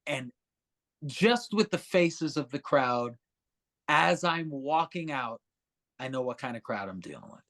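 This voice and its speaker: A man guest on a podcast, telling stories in a casual, animated way, swearing freely and acting out other people's voices. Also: medium pitch, unhurried. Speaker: musician guest.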